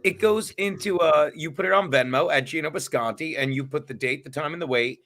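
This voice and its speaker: A man chatting on a podcast, deadpan and mock-defensive under questioning. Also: a little high, a little fast. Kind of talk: casual chat.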